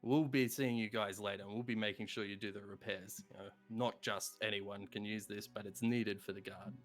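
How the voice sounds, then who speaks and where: A blustering city guard captain from a tabletop game, put on by a male game master. He talks in a brusque, officious manner and sounds low and deep. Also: fairly even intonation, fairly quick, soft background music, lightly acted.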